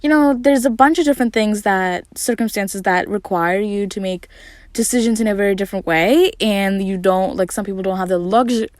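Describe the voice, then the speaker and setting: A woman's voice: mid-range voice, brisk, darkish tone, no room sound, studio quality. A woman hosting her podcast alone, talking in a chatty, rambling way with lots of fillers, recorded in her closet at home. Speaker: podcast host. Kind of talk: casual solo podcast talk.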